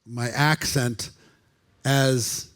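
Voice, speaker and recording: A man's voice: steady tone, fairly bright tone, clear, resonant tone. A man from Minnesota who trains presenters, talking conversationally and repeating words as he starts his sentences. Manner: deliberately lowered voice, repeats words when starting out. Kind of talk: conversational talk on public speaking.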